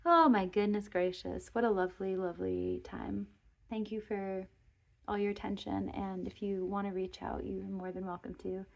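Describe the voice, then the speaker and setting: Woman, tarot reader, mid-pitched, gravelly edges, warm rambling sincerity. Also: flat delivery, moderate pace. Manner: gentle, earnest, rambling with many restarts. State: emotional, near tears. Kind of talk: intimate tarot reading talk to viewers.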